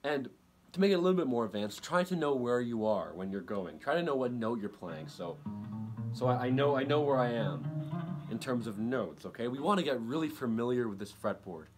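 Man teaching guitar over loud playing. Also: medium pitch, a little fast. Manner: relaxed, repeats himself, counts beats aloud. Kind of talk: casual instructional talk.

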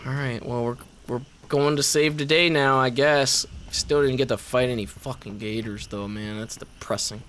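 A man giving loud, profane let's play commentary, reacting to the game with excited yelling. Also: mid-range voice, moderate pace, few pauses, slight background noise. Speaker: gaming YouTuber. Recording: game music behind voice.

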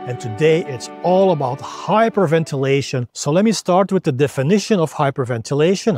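A man's voice: a little high, a little mellow, no echo, clean studio sound. A man, a freediving instructor, patiently explaining breathing step by step in a video lesson.

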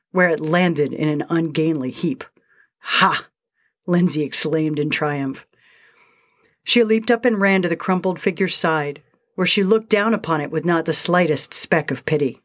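A woman narrating a short story in a steady, measured reading style. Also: deep voice.

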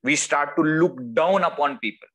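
A man with an Indian English accent giving a spiritual discourse over a video call, telling stories with lively swings of voice. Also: moderate pace. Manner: lively storytelling, acts out quoted voices with wide swings in pitch. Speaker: spiritual teacher. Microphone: video call microphone.

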